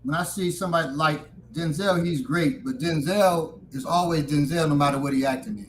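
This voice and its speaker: A man's voice: on the high side, a little fast, a little hiss or hum, low-quality recording. A man in casual podcast banter, joking with frequent stumbling restarts.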